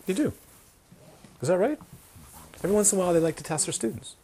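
A man giving an informal Dharma talk to a small group, telling stories with animated asides. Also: high-pitched, quick pace, slight background noise. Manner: animated storytelling, acts out quoted voices. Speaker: meditation teacher.

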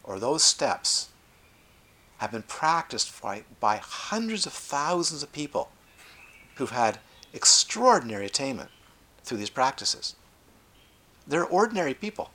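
A middle-aged man teaching meditation at a retreat, talking in an animated way with playful asides. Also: medium pitch, a little slow, long pauses. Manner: animated, acts out quoted voices, lively asides. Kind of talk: dharma talk at a retreat.

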